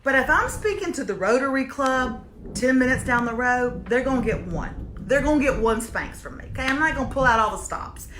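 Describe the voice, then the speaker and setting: Woman, show-review host, casual livestream chat, emphatic repetition, bright voice, echoey room. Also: high voice, expressive, fairly quick, slight background noise. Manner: emphatic, repeats lines for comic effect. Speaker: host reviewing streaming shows. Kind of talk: casual livestream chat, reading viewer comments.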